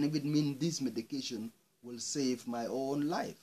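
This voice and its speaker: Man, husky, angry monologue, swearing, heated outbursts, mid pitch. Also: fairly even intonation, a little slow, dark tone. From South Sudan. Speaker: speaker airing grievances. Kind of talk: impassioned monologue.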